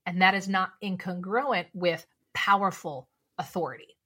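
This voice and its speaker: A woman speaking coach, a podcast guest, talking in a lively, casual way and firing off rhetorical questions. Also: fairly low pitch, normal speed, slightly rough.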